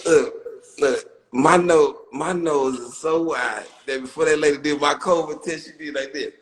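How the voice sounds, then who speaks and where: A man riffing comic bits in casual chat, loudly repeating his setups and breaking into high bursts of laughter. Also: normal speed, noisy background. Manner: loud, repetitive joke-building with bursts of high laughter.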